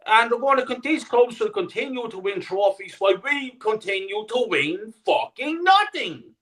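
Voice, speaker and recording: Man, podcast guest, indignant, sweary, lively intonation. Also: very high voice, moderate pace, low-quality recording. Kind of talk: podcast discussion.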